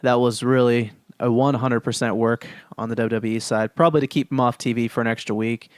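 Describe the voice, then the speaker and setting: A man's voice: mid-range voice, fairly even intonation, brisk, dry recording, studio quality. A man co-hosting a casual podcast chat, steering the topics in a laid-back, matter-of-fact way. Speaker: podcast co-host.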